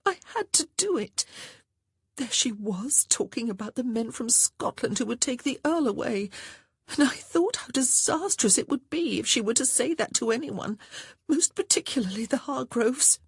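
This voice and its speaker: A woman's voice: high voice, lively intonation, normal speed, dry recording, studio quality, voice pushed up, heavily acted. Woman voicing a tearful, whimpering young lady. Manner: whimpering, breathy and pleading. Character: young gentlewoman, tearful and anxious.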